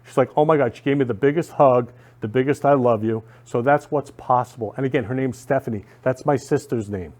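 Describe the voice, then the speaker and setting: A man's voice: medium pitch, a little fast, hardly any pauses, darkish tone. A man hosting his own talk show, speaking earnestly and emphatically, often repeating himself. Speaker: host. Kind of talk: casual monologue.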